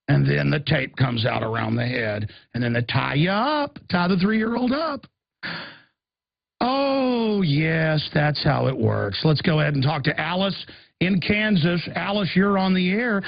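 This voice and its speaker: A woman's voice: deep voice, measured pace, creaky, no echo, highs cut off. A woman hosting a talk radio show, speaking in a mocking, sarcastic tone.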